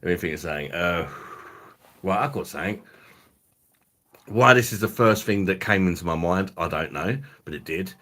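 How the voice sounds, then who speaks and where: A young man hosts a live stream, crude and jokey and quick to laugh. His voice sits a little low, and he chats loosely with his viewers. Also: sharp tone. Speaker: livestream host. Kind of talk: casual live stream chat.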